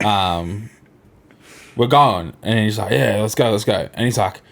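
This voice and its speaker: A young man co-hosting a podcast, telling sweary, animated stories in casual banter. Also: lowish voice, a little slow, gravelly. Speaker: podcast co-host.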